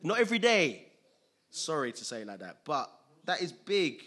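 A man preaching in a loose, conversational sermon, often checking that listeners follow along. His voice is husky but forceful and bright. He laughs often as he talks. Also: fairly high pitch, sing-song, normal speed.

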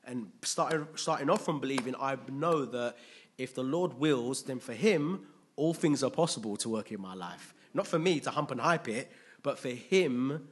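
A man's voice: mid-range voice, animated, normal speed, slightly rough. A man preaching a conversational sermon, often checking in with his listeners.

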